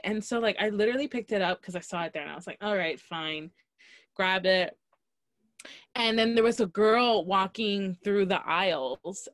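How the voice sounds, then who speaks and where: A young woman co-hosting a casual podcast, telling an anecdote with laughs and quick acted-out quotes. Her voice sits at a middle pitch, recorded dry and close. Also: dry recording. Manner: animated, laughing, acts out quotes. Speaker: podcast co-host. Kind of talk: casual storytelling chat. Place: Los Angeles.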